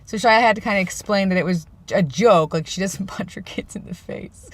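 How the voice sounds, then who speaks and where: A man's voice: sits high, fast. Rambling sarcastic man vlogging. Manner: rambling, self-described sarcastic joker. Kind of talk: casual vlog monologue.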